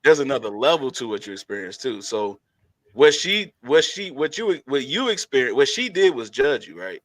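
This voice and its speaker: A man's voice: mid-range voice, normal speed, no echo. A man co-hosting a casual talk show, telling stories with laughs and repetition. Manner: animated storytelling, laughs often, repeats himself. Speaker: podcast co-host. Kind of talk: casual chat.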